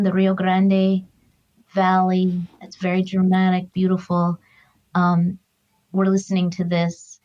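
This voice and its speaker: A woman's voice: medium pitch, darkish tone, lo-fi sound. A middle-aged woman, a guest author and grief counselor, telling stories in an earnest, heartfelt, spiritual way. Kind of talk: reflective conversational interview.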